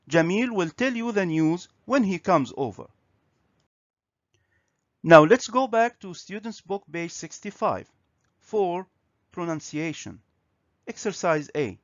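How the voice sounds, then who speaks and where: Slow, lively-voiced male English teacher. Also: high voice, no echo. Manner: slow, clear, instructive. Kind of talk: video grammar lesson. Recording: dry, slightly dull recording.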